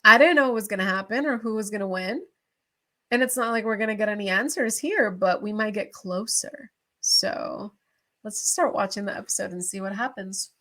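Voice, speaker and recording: A woman's voice: medium pitch, brisk, fairly bright tone. A young adult woman hosting a reaction show, chatting casually to camera in a bubbly, openly emotional way.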